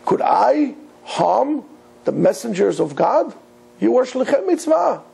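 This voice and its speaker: A rabbi giving a Torah lecture in a high, gravelly voice with a husky edge. He teaches with earnest emphasis, weaving Hebrew words into his English. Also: very animated, slow, dark tone.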